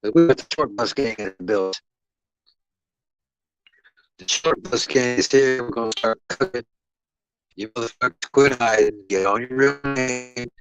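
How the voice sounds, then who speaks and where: A man's voice: medium pitch, unhurried, pauses often, clean tone, dry recording, low-quality recording. A man rambling and boasting as he stands in as host of a boxing live stream, swearing freely and talking to his chat.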